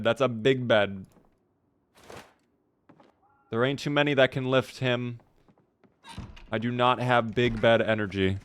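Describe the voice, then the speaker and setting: Man, hoarse voice, casual game streamer, chatty, answers chat questions. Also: mid-range voice, a bit bright. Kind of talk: casual gameplay commentary.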